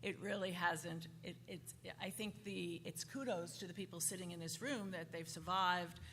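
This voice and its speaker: A woman speaking on a conference panel, halting and often restarting her sentences. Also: on the low side, steady tone, a bit bright. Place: conference hall. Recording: conference hall reverb, faint noise.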